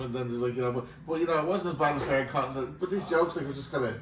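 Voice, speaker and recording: A man's voice: medium pitch, racing, few pauses, noisy background. A man in his forties co-hosting a podcast in casual chat, rambling and repeating words as he tells a story. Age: 40s. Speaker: podcast co-host. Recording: echoey room, mic at a distance.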